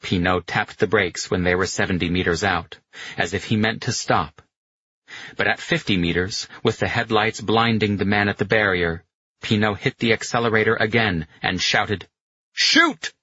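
A man with a very deep, husky voice reads a novel aloud in a steady storytelling manner. His tone is bright and forceful, and the recording is dry and a little muffled. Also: normal speed. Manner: steady storytelling, voicing characters in dialogue. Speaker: audiobook narrator. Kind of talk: scripted narration.

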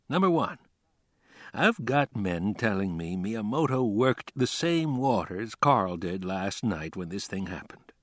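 A man's voice: mid-range voice, no room sound, studio quality. A man voicing a weary, plainspoken small-town sheriff in an audiobook. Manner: plainspoken, listing his reasons.

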